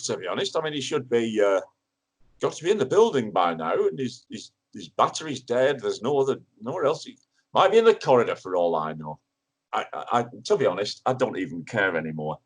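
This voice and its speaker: Guy doing a frantic radio show host, husky voice, swings all over the place pitch-wise. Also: poor audio. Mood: deflated. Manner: excitable, urgent and rambling. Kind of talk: comedy radio sketch. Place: radio studio.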